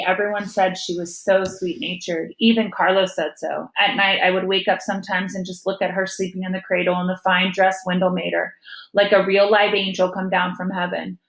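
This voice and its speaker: A woman teacher reading a novel aloud to her students with gentle storytelling. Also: mid-range voice, gravelly, reverberant, rough recording.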